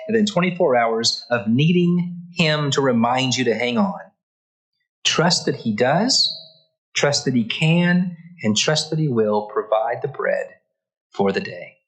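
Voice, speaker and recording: A man's voice: medium pitch, a bit bright, low-quality recording. Male Bible class teacher, earnest and emphatic, reading and explaining scripture. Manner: reads passages then stops to comment.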